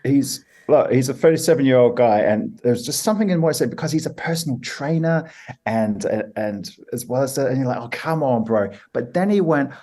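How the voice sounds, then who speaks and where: A comedian on a podcast panel with a mellow, dark tone and a mid-range pitch. His delivery is laid-back and musing as he builds toward the joke. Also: expressive, brisk. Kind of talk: comic podcast banter.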